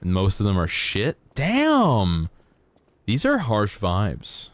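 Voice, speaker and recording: This man's voice runs on the low side, swinging hugely in pitch, and he takes things slowly. During a live gameplay stream he rambles and jokes around with his viewers while playing.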